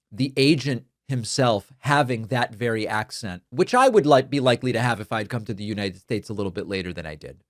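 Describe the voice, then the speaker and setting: A man who grew up speaking Spanish, hosting a political commentary show and talking in an earnest, emphatic, measured way into a studio microphone. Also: mid-range voice, no room sound. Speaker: show host. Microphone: studio dynamic microphone.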